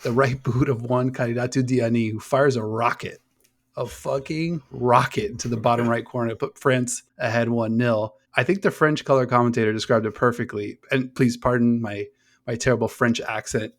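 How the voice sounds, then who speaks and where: A man's voice: mid-range voice, fairly even intonation, normal speed. Guy hosting a soccer podcast, hyped, swears a lot, reels off player names. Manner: enthusiastic, swears freely, rattles off player names. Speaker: podcast co-host. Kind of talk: casual sports chat.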